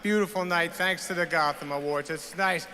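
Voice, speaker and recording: A man's voice: on the high side, steady tone, moderate pace, sharp tone, a little hiss or hum. A middle-aged man giving an off-the-cuff, stammering, jokey award acceptance speech on a ceremony stage. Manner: rambling, stammering, profane and jokey. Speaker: award recipient. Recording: reverberant awards hall, faint ambience.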